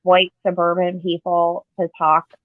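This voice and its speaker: A woman's voice: fairly low pitch, completely flat delivery, measured pace, dry recording. Woman calling in, heated and swearing, tinny dry phone sound. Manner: heated, profane, impassioned. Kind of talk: casual chat. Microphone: phone or call line.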